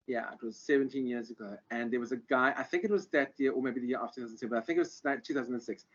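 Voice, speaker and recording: A man's voice: mid-range voice, steady tone, racing. A man giving an online lecture, rambling with many ums and restarts over a video call. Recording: muffled lo-fi audio.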